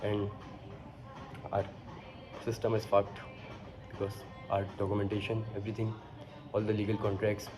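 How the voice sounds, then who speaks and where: A man's voice: lowish voice, completely flat delivery, normal speed, long pauses, over music, rough recording. A Pakistani man with a Pakistani accent talks in a rambling, frank monologue, leaning constantly on fillers like "you know" and "like". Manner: frank and profane. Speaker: vlogger. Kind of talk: casual monologue.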